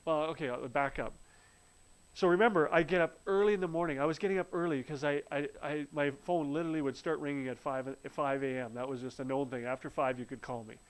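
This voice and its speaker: A man shares his faith testimony on a live stream, speaking quickly with a clear, resonant voice that sits a little high. He tells it earnestly as a story, often starting sentences over, and the recording is rough.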